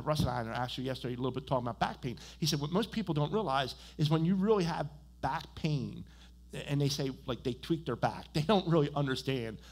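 A man preaching a sermon as a church pastor. He talks conversationally, checks in with "right?" and "okay?", and grows louder and more animated when he tells personal stories. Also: fairly high pitch. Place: church sanctuary.

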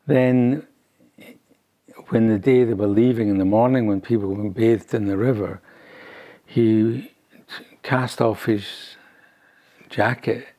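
An older Scottish man with a dark-toned, mid-range voice tells a family story for an oral history interview. His telling is halting and rambling, full of restarts.

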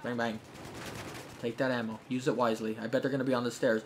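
A man giving jokey, chatty commentary over his own gameplay, breaking into shouts when things get tense. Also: medium pitch, little pitch movement, fast, slight background noise. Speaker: gaming YouTuber. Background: game gunfire.

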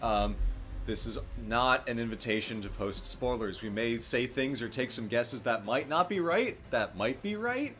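A man co-hosting a live game stream in casual chat, easygoing and quick to laugh, often hedging with ums. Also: medium pitch, lively intonation, fairly bright tone. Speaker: co-host of a history gaming stream.

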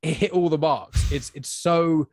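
A man chatting casually on a podcast, giving strong opinions with quick bursts of speech. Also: fairly high pitch, darkish tone, dry recording, clean studio sound. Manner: opinionated, spurts of fast talk. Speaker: podcast guest.

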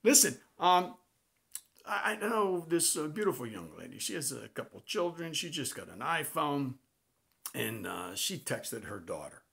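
A man hosting a comedy show, telling jokes in a punchy, animated monologue. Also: a little high, a little slow, gravelly. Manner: animated, punchy joke delivery.

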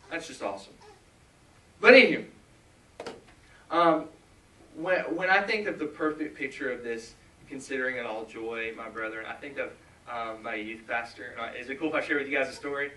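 A man in his twenties preaching a sermon and telling a personal story, earnest and halting, with many restarts and asides. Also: mid-range voice, fairly bright tone, reverberant, far from the mic, rough recording. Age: 20s. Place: large church hall.

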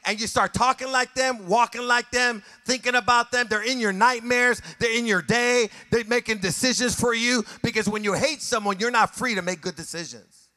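A pastor preaching a sermon with animated delivery, dropping to quiet asides and rising to shouted passages, acting out other people's voices along the way. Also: male voice, very high voice, normal speed, dry recording, studio quality. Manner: acts out voices of people and scenes in his preaching.

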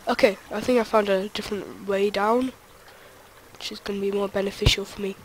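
Excitable young gamer, noisy recording. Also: medium pitch, measured pace. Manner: excitable, talks to themself while playing. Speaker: gaming video creator. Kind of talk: let's play commentary.

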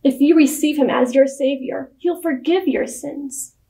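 In a storybook reading, a woman plays an earnest young missionary man. He speaks calmly and earnestly, at an unhurried pace and a high pitch. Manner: calm and earnest.

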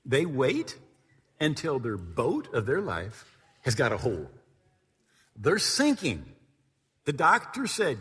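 A man's voice: medium pitch, wildly swooping pitch, slow, long pauses, a bit bright, breathy edge. A middle-aged male pastor telling a story in a sermon to his congregation, acting out the voices of the people in it. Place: church sanctuary before a congregation. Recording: long hall reverb.

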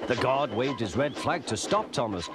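A man narrating a children's storybook in a lively, expressive way. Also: mid-range voice, moderate pace, very noisy. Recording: loud music underneath.

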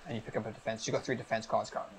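A man acting as game master on a live stream, explaining each rule of a tabletop game step by step in a brisk, upbeat way. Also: fairly low pitch, fairly even intonation, slight background noise, low-quality recording.

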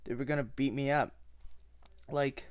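A man reading aloud the quiet, flat lines of a frightened teenage boy. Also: mid-range voice, measured pace, smooth, dry recording, lightly acted. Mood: shaken. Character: scared but steady teenage boy.

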